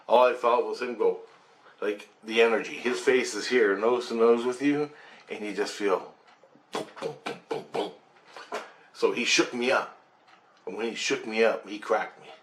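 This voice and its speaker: This storyteller's voice is fairly low and a bit bright as he intensely describes his own experience, swearing emphatically and using sound effects. The sound is roomy, with faint background noise.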